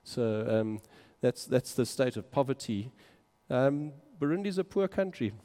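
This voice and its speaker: Narrating pictures from his mission trip, a minister sounds casual and enthusiastic, exclaiming as he goes. His voice is warm, expressive, mid-range and a little slow, set in a recording with long hall reverb.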